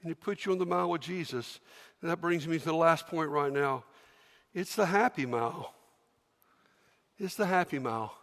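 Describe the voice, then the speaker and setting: A high-voiced pastor preaches with animated storytelling and acts out each scene. His voice fills a large church, with a long reverb trailing each phrase. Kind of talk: sermon.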